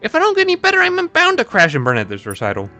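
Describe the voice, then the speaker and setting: A woman putting on a squeaky, high voice to read a worried, self-doubting teenage schoolgirl aloud. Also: huge pitch swings, very fast, sharp tone, dry recording, soft background music, exaggerated voice.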